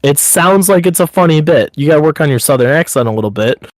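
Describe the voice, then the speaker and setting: A man's voice: fairly high pitch, animated, quick pace, no echo. A man co-hosting a podcast in a casual chat, talking in loose rambling runs full of 'like'. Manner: rambling, upbeat, heavy use of 'like'. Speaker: podcast co-host.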